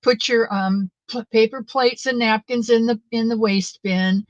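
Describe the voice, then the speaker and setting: A woman's voice: a little high, fairly even intonation, measured pace, no echo, highs cut off. A middle-aged woman hosting a live knitting stream, chatting casually and earnestly with viewers in a motherly way. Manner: warm, motherly, talks straight to viewers; earnest and faith-filled.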